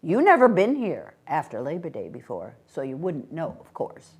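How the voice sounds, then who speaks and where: A woman reading aloud, voicing a blunt, suspicious rural male shopkeeper who speaks loudly. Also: deep voice, wildly swooping pitch, normal speed, breathy edge, heavily acted. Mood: blunt, stubborn.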